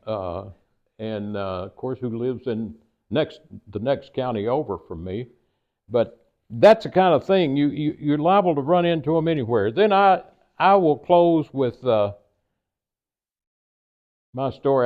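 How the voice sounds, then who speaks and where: An older man with a Kentucky accent, telling humorous anecdotes in an easygoing, folksy way to a local audience. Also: mid-range voice. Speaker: guest speaker. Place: private residence, talk to a local society. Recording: tinny phone-like recording.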